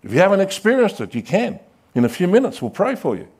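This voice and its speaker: Male pastor preaching, kinda high voice, dramatic, loud then quiet, does little voices for the story people. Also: very animated, quick pace, husky. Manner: dramatic, swings from loud calls to hushed asides; acts out quoted voices. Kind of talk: sermon.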